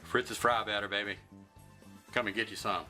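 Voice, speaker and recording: A man's voice: lowish voice, steady tone, moderate pace, sharp tone. Folksy man frying chicken outdoors. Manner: folksy, drawling, talks to his dog and viewers. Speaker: cooking vlogger. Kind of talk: casual outdoor cooking vlog. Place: outdoors by a camp stove. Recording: music playing behind.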